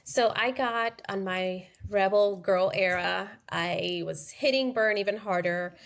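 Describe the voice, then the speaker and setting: A woman's voice: mid-range voice, takes it slowly, gravelly. A woman in her thirties, a guest on a podcast, telling her personal story candidly and acting out the dialogue. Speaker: interview guest.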